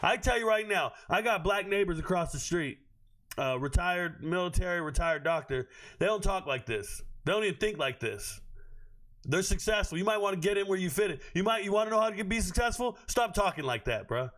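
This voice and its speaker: A man's voice: high-pitched, lively intonation, fairly quick, a bit bright. A man hosting a live stream, ranting at his chat in a brash, profane, confrontational way.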